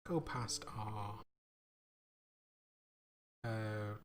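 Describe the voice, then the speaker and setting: Slow, halting man coding live. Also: on the low side. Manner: slow, halting, self-mocking, laughs at himself. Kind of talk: casual thinking aloud while coding.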